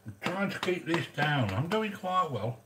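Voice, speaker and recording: A man's voice: fairly high pitch, sing-song, measured pace, background noise. Chatty man hosting a cooking vlog. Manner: chatty, rambling, joking, talks to viewers by name. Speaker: cooking channel host. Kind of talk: casual chat to viewers.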